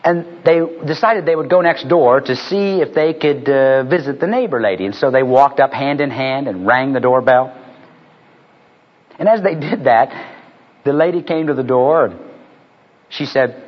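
A man preaching a sermon, telling humorous stories and building to punchlines in an animated way. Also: medium pitch, moderate pace. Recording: dull lo-fi recording.

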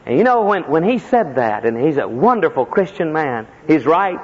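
A man's voice: sing-song, moderate pace, few pauses, slightly rough. Impassioned man preaching in an echoey hall. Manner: impassioned, with sudden leaps in pitch and strong emphasis. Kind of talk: sermon storytelling. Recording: echoey hall, dull lo-fi sound.

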